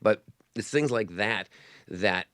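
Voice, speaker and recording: A middle-aged man, a guest magician and producer, chatting and joking in a rapid, lively way. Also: lowish voice, dry recording, studio quality. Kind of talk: casual chat.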